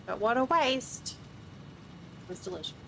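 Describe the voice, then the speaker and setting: A woman's voice: on the high side, animated, normal speed, gravelly, a bit bright, a little hiss or hum. A tired woman streaming a game, rambling casually to chat as she yawns. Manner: rambling, chatty, yawning.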